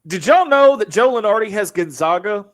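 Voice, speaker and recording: Brash man hosting a sports podcast, high and animated voice, loud and excitable. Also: normal speed. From Arkansas. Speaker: podcast host.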